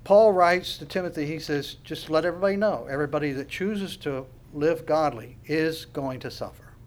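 Male pastor, slightly high pitch, fervent sermon delivery with hushed-to-loud swings. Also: moderate pace.

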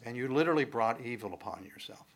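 A man preaching from the Bible, his voice at an ordinary middle pitch for a man. He talks to the congregation in a loose, conversational way, then pushes certain words out with a louder, emphatic lift. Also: expressive, fast talker. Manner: conversational teaching, rising to emphatic loud stresses. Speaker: pastor. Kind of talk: sermon, Bible teaching.

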